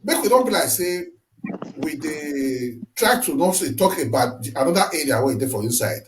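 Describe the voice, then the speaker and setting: A man with a Nigerian Pidgin accent hosting an interview, asking drawn-out, animated questions. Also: on the high side, roomy sound, slight background noise, low-quality recording. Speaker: host.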